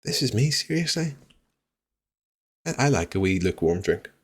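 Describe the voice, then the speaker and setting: A man streaming a game live, chatting with viewers, swearing freely and reacting loudly to what happens on screen. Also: mid-range voice, very animated, moderate pace, slightly rough. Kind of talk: live gameplay commentary.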